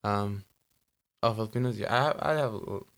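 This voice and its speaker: Podcast co-host, man, low gravelly voice, loose rambling chat. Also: fairly quick, a bit bright. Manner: rambling, lots of "like" and "you know". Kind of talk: casual chat. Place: Los Angeles.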